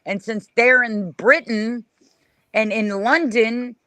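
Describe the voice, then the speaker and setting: A woman's voice: on the high side, slow pace, bright, forceful tone, dry recording. A woman with an American accent hosting a casual live stream, blunt and teasing as she argues with her guests. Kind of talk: casual chat.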